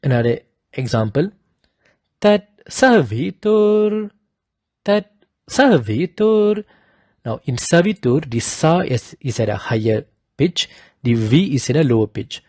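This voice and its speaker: A man teaching the pitch accents of a devotional chant, explaining slowly and patiently and chanting drawn-out higher examples. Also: warm tone, husky, no room sound.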